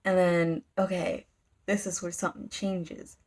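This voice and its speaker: A woman's voice: lowish voice, little pitch movement, unhurried, a little mellow. A woman recapping a manga in a casual, rambling chat, giggling and using lots of fillers. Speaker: manga reviewer.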